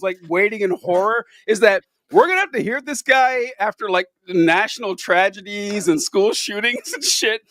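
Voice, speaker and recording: A man's voice: high voice, no echo, clean studio sound. A man co-hosting a podcast, chatting casually and laughing often while ranking quotes. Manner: laughs often, animated banter. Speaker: podcast co-host.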